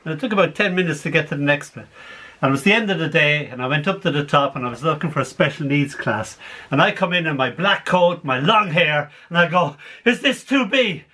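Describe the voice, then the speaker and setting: A man reading his poems aloud to a small group over a video call, in an animated way with frequent laughs. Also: on the high side, quick pace. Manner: animated, laughs between lines. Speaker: poet. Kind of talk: poetry reading.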